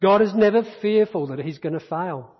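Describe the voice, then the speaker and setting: A man's voice, slightly high and a touch husky, delivers a sermon with earnest repetition. He sounds as if he is in a church hall with a long echo. The recording is dull and muffled. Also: lively intonation, normal speed. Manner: earnest preaching, reads scripture aloud, repeats key phrases. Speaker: pastor.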